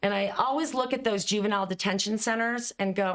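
A middle-aged woman, a communication coach, telling her stories in an expressive, animated way and laughing now and then. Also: medium pitch, normal speed, hardly any pauses. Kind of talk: conversational storytelling.

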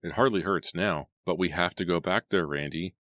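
A man's voice: sits low, moderate pace, a bit bright, no room sound. A man voicing a frightened teenage girl who pleads and insists. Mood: insistent.

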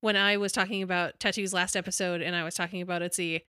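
Female podcast co-host, crisp bright tone, eager and talkative. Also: on the low side, quick pace, no echo, studio quality. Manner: excited, talkative. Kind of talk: casual podcast chat.

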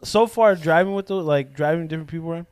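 A young man from Southern California, co-hosting a podcast and telling a story in a profane, animated way while quoting the people in it. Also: a little high, fast talker, smooth, no room sound. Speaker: podcast co-host. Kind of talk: casual storytelling chat.

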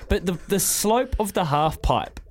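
A man's voice: sits high, lively intonation, unhurried. Rambling New Zealand radio host, man. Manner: rambling, enthusiastic, many restarts. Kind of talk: casual radio chat.

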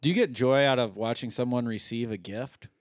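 A man's voice: mid-range voice, fairly quick, no room sound, studio quality. A man co-hosting a comedy podcast, asking playful game questions and laughing along easily.

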